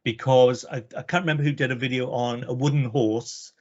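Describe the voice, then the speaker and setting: A man's voice: medium pitch, steady tone, a little fast, muffled recording. A man in casual conversation, explaining his points in an easygoing way, with examples.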